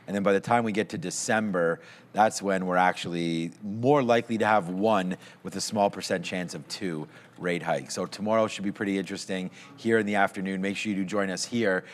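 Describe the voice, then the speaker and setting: A man's voice: low voice, brisk. A man co-hosting a live stock market show, talking in a rambling, conversational way and chuckling at himself now and then. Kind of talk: casual market chat.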